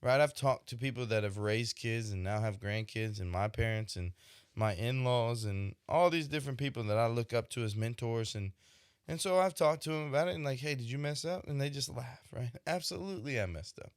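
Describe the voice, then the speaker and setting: A man's voice: mid-range voice, fairly quick, smooth, no room sound. Reflective male podcast host, dry mic. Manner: reflective, conversational, frequent "right?" asides. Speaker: podcast host, expecting father. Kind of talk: casual monologue.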